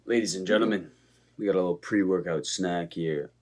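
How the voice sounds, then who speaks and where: Deep-voiced man chatting casually to camera. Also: a little fast. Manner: upbeat, talks straight to viewers. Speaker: vlogger. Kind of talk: casual vlog chat.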